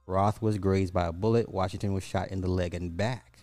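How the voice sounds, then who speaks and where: A man's voice: low-pitched, steady tone, a little fast, a little mellow, no echo, soft background music. A man hosting a podcast, reading news stories aloud and adding mocking asides in a casual way. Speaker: podcast host. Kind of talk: casual social commentary.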